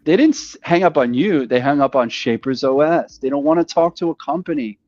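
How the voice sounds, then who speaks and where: A man in casual podcast conversation, talking in a rambling, animated way and acting out phone calls. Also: a little high, fairly quick, highs cut off. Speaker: podcast host.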